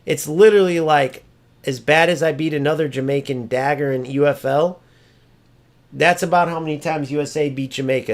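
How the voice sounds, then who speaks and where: A male gaming streamer rants and mocks during live gameplay commentary and chat, swearing freely. He imitates opponents in a high, sneering voice.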